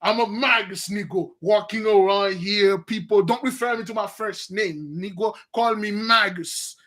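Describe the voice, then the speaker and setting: A man's voice: sits high, a little slow, a bit bright. A man mimicking a pompous, swaggering male amateur sorcerer who demands to be called by a grand title. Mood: boastful.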